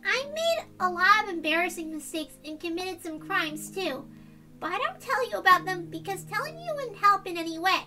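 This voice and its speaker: A woman voicing a gentle young girl who calmly reassures her friends in a visual novel reading. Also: very high-pitched, moderate pace, far from the mic, soft background music, full character voice. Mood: reassuring. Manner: soft, reassuring.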